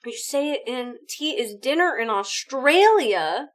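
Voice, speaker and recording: A woman live streaming a video game, chatting casually with her viewers in an animated, exclamatory way. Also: high voice, a little slow. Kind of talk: casual gaming stream chat.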